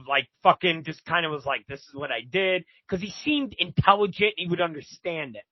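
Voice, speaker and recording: A man's voice: a little high, expressive, normal speed, no echo, muffled recording. A man guest telling a story casually and animatedly, swearing freely and acting out other people's lines. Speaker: podcast guest.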